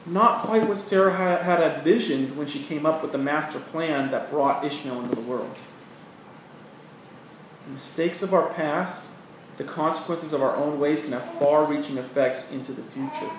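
A man preaching a sermon in an earnest way, with rising emphasis and quiet asides. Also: fairly high pitch, moderate pace. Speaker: pastor. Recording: very echoey room, mic at a distance, faint noise.

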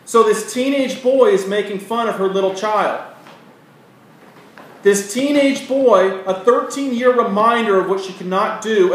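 A man preaching a sermon in an earnest way, with rising emphasis and quiet asides. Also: high voice. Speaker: pastor. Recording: very echoey room, mic at a distance, faint noise.

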